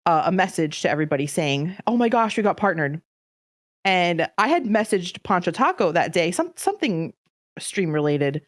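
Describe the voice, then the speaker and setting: A woman's voice: on the low side, dry recording, studio quality. A woman in casual podcast talk, telling a story with emotion and animation. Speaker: streamer guest.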